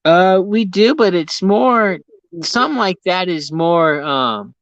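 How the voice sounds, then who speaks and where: A man's voice: high-pitched, lively intonation, slow, fairly bright tone, no room sound, lo-fi sound. An American man hosting a casual chat, rambling and full of filler words. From United States. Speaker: host.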